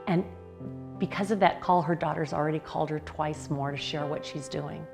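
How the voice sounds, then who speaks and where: A woman life coach giving a motivational talk, telling a client's story earnestly with emphatic pauses. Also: sits low, fairly even intonation, vocal fry, over music.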